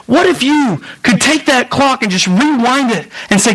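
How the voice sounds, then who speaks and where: High-voiced pastor preaching. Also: male voice, moderate pace, low-quality recording. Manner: animated storytelling, addresses congregation directly. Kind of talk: sermon. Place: church sanctuary.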